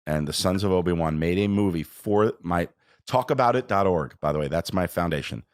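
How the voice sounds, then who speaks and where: Podcast guest guy, really low voice, excited and sincere, dry close mic. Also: fairly quick, no echo. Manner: enthusiastic and heartfelt. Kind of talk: casual podcast chat.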